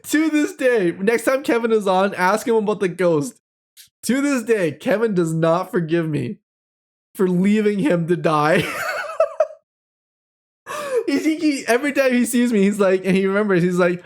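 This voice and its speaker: Male, 30s, host recounting a childhood ghost story; expressive, chatty, rambling delivery. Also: sits high, unhurried, long pauses. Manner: animated storytelling with frequent laughter and fillers. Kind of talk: telling a personal ghost story.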